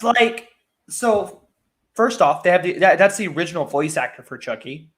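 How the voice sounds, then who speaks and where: A man co-hosting a casual react chat, excited and halting, with lots of fillers. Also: sits high. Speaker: co-host.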